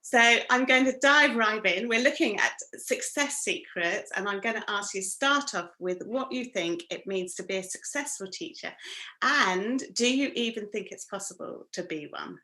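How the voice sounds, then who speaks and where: A woman hosting an online interview, speaking in an earnest, measured way over a video call. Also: mid-range voice, sharp tone. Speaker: host and interviewer. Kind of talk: scripted introduction, then interview.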